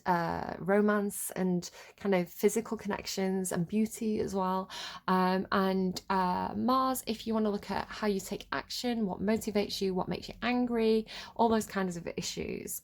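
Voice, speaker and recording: A woman giving a casual tarot reading, giggly, playful and rambling. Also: medium pitch. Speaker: tarot reader.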